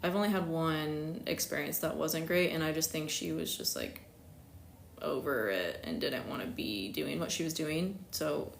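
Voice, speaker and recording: A woman's voice: normal speed, gravelly. Chatty, giggly young woman in echoey room. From United States. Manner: chatty and giggly, many fillers, acts out quotes with big pitch jumps. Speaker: astrologer hosting a live stream. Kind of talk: casual live-stream chat. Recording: echoey room, faint hiss.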